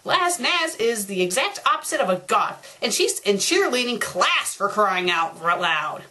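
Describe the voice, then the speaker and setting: A woman voicing a greedy, loud-mouthed cartoon boy who rants bluntly. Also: mid-range voice, big pitch swings, a little slow. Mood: ranting. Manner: blunt, ranting.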